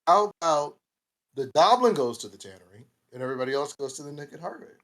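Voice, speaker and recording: Chatty man with a higher, lively voice. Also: fast. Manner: chatty, stumbles over his words. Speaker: tabletop game player. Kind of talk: playing a tabletop game.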